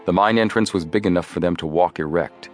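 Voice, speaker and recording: Deep-voiced man narrating a story. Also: brisk, soft background music. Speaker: audiobook narrator. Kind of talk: scripted narration.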